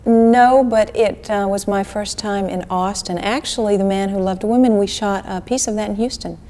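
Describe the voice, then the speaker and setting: A woman in her thirties chats as a guest in an old TV interview. She talks animatedly, tumbling over her words and restarting sentences. Her voice sits at a middling pitch. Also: normal speed. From Georgia, US. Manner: animated, chatty, many restarts and laughs. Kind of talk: casual interview chat. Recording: archive 1980s TV interview.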